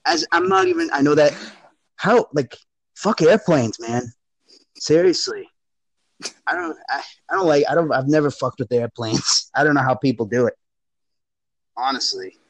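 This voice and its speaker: A man co-hosting a casual chat, joking and swearing in an animated way. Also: a little high, normal speed, pauses often, dry recording, rough recording.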